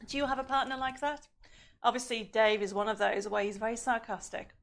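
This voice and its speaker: Her voice is going and she keeps coughing, yet this woman carries on her live craft show from her home studio, chatting and reading viewer comments aloud. She speaks fairly quickly in a steady, slightly strained, a little high voice with some vocal fry.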